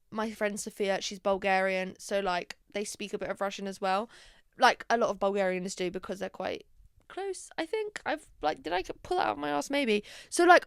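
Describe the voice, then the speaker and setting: A young woman vlogging in a casual chatty way, swearing freely, with quick asides and playful dramatic exclamations. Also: on the high side, clear, resonant tone, no echo, clean studio sound. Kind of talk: casual chat to camera.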